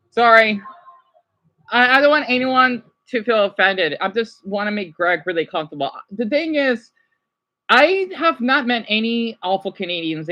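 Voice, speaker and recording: An excitable woman from the United States hosting a casual livestream, gushing as she reacts and often apologizing. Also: a little high, moderate pace, rough recording. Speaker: livestream host.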